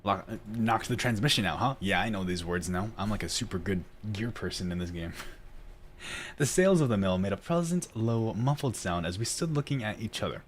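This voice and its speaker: Low-voiced male gaming host, reads lore aloud casually, laughs and trips over words. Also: lively intonation, fairly quick, a little hiss or hum. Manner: chatty, laughs often, stumbles while reading. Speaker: let's play host.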